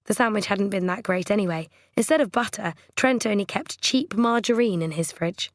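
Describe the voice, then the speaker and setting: A woman's voice: medium pitch, moderate pace, few pauses, dry recording, studio quality. Woman narrating a novel. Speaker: audiobook narrator. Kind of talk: scripted narration.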